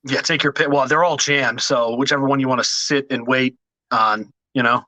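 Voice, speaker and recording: A man's voice: mid-range voice, fairly even intonation, moderate pace, sharp tone, dry recording, low-quality recording. A middle-aged man, chatting as a podcast host, swearing freely, laughing and rambling with restarts. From Washington DC area. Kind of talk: casual chat.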